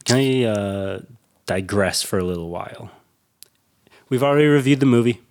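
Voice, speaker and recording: A man's voice: fairly low pitch, normal speed, darkish tone. A young man co-hosting a podcast, chatting casually about a film and giving his opinions. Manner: opinionated, talks over partner, frequent "in my opinion". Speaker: podcast co-host. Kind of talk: casual film review chat.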